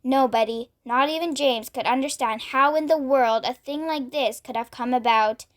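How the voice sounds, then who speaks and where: A woman reading a children's book aloud in a steady, expressive narration. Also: high voice, normal speed. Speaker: storyteller.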